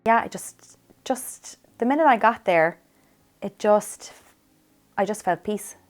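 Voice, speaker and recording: Speaking slowly with lively intonation, this interviewee recounts her faith testimony in a mid-range voice. She's chatty, scatters "like" throughout, and performs the lines she quotes.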